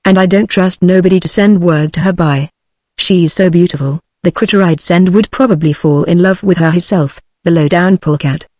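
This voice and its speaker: A text-to-speech woman with a British English accent voicing a weepy, lovesick cowboy man, read in a flat synthetic way. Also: on the low side, normal speed, no room sound, studio quality, natural voice.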